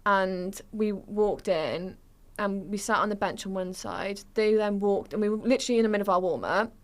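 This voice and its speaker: A woman's voice: mid-range voice, normal speed. Chatty young Welsh-born woman. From Wales. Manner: chatty storyteller, giggles often. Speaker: podcast host. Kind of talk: casual chat.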